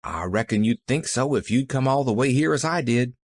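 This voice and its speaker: A man's voice: medium pitch, lively intonation, brisk, no echo, clean studio sound. A man voicing an eager, cheerful little girl who rambles breathlessly.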